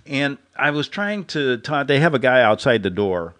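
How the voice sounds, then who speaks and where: A man's voice: medium pitch, sing-song, moderate pace, fairly bright tone. A man hosting a radio show, telling a rambling satirical story and chuckling at his own jokes.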